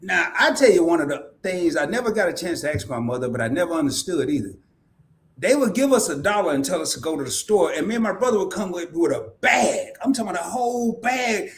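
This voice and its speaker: A man with a Southern US accent hosting a casual interview, telling animated stories and laughing often. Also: high voice, fast. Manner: animated storyteller, laughs often, mimics sayings. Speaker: podcast host.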